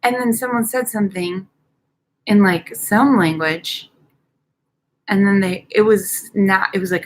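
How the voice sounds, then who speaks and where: Young woman with a Chicago accent, casual vlog host; upbeat, rambling, giggly delivery, recorded outdoors at night. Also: medium pitch. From United States. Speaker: dental hygienist vlogger.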